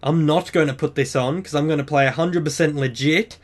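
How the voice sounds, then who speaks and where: A man's voice: a little high, brisk. A man hosting a game tutorial, talking casually and explaining each step of a screen-recorded walkthrough in an upbeat way.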